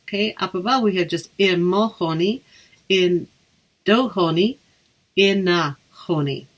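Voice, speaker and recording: Woman patiently teaching phrases. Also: lowish voice. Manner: patient, slows down for repeated phrases. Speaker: Irish language teacher. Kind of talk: language lesson.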